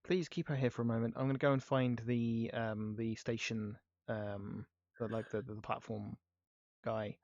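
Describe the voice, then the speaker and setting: A man's voice: mid-range voice, level tone, normal speed, a little mellow, muffled recording. A man playing a tabletop game who asks curious, hesitant questions. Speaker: player.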